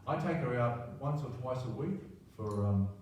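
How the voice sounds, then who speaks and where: Older Australian man, mellow tone, rambling self-deprecating storyteller, echoey room. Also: medium pitch, animated, normal speed, a little hiss or hum. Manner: rambling, self-deprecating, keeps adding "right?". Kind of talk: personal anecdote monologue. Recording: very roomy, distant mic, faint ambience.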